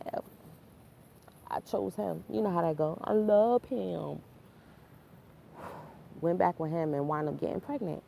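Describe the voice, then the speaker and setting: New woman vlogger, low gravelly voice, candid slangy storyteller. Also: measured pace, long pauses, slight background noise. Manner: candid, slangy, animated with laughs and asides. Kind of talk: personal storytelling to camera.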